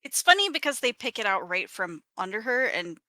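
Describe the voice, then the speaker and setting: A woman co-hosting a podcast, chiming in casually with quick, playful remarks. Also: medium pitch, very animated, bright, forceful tone, dry recording. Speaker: podcast co-host. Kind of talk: casual chat.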